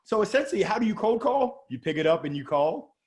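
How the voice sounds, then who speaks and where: A middle-aged man with a Southern drawl from Alabama, talking as a guest in an interview, animated and exuberant, joking about himself. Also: sits high. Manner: animated, exuberant, quick jokes. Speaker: guest sales coach. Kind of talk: energetic interview talk.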